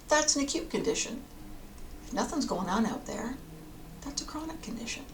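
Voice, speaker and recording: A woman counsellor giving a calm, explanatory podcast talk, sometimes dropping to a near whisper. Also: a little high, slight background noise.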